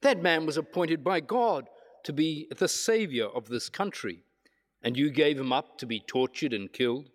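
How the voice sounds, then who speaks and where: A man's voice: fairly high pitch, moderate pace, natural voice. A man playing a stern reproachful prophet. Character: stern wise old male prophet. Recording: long hall reverb.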